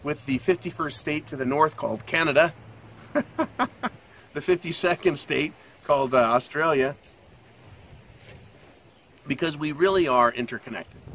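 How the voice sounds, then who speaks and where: A man's voice: medium pitch, fairly bright tone, slight background noise. Profane older American man rambling on economics. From United States. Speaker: channel host. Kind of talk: casual economic commentary.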